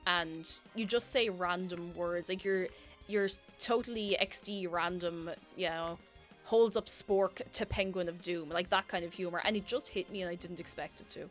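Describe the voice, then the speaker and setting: A woman's voice: on the low side, steady tone, moderate pace. A woman livestreamer rambles through casual chat with her viewers. She giggles often and pokes fun at herself. Faint music plays in the background. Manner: rambling, giggly and self-mocking.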